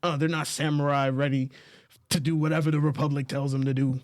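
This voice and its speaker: Male co-host, slightly high voice, eager and argumentative. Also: level tone, fairly quick, a little mellow. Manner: eager, argumentative, pleading his case. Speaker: podcast co-host. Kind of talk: casual chat.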